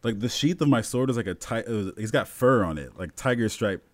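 A young man talking casually and excitedly about a video game, full of fillers and restarts. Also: fairly low pitch, brisk. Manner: excited, filler-heavy, rambling storytelling. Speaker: gamer friend in a podcast chat. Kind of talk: casual chat.

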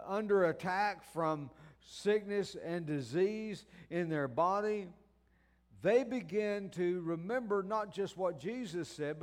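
A male preacher with a high-pitched voice delivers his sermon at a slow, deliberate pace. He leans hard on key words and stretches them out. He often backs up mid-phrase and breaks in with exclamations of praise. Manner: drawn-out stressed words and repeated restarts.

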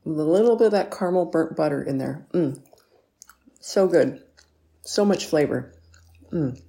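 In her kitchen, a baking show host chats through a relaxed home vlog at normal speed. Her low-pitched, warm voice is expressive and enthusiastic, punctuated by frequent ums and mms of appreciation.

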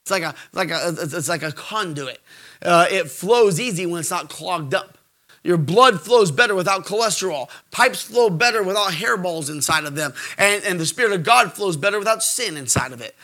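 A middle-aged man preaching a sermon, animated, swinging from shouts to hushed asides and jokes. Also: high voice, normal speed.

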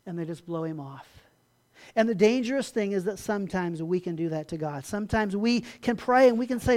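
A pastor with a medium-pitched, darkish voice preaches briskly and conversationally, often restarting phrases and acting out short bits of dialogue with dismissive replies.

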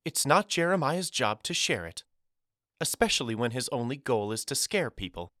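A man's voice: mid-range voice, big pitch swings, moderate pace, fairly bright tone, no echo, clean studio sound, voice pushed up. A man reading an audiobook voices a female schoolteacher who is worried but firm and protective of her class, her voice quavering. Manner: quavering, then firm and final.

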